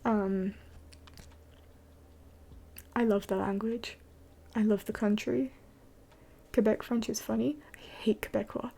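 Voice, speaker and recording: A young woman whispers through a late-night live stream, slow and unhurried, her hushed voice gravelly with fry. The tone is dark and mellow, breathy at the edges, as she answers chat bluntly and with the odd curse. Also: mid-range voice, fairly even intonation. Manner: mostly whispering, blunt and swearing.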